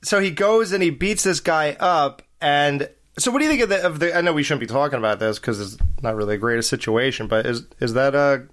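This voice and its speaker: A man's voice: fairly high pitch, animated, a little fast, few pauses, a bit bright. A man in casual movie chat with friends, rambling and laughing often.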